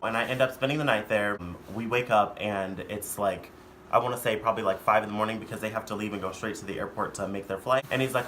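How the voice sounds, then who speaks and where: A man's voice: fairly low pitch, quick pace, fairly bright tone, a little hiss or hum. A young man telling a storytime vlog in a casual, profane, rambling way. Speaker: vlogger.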